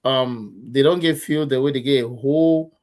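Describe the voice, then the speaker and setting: A man's voice: mid-range voice, normal speed, a little mellow. Earnest Nigerian man, mid voice. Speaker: co-host. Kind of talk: casual football chat.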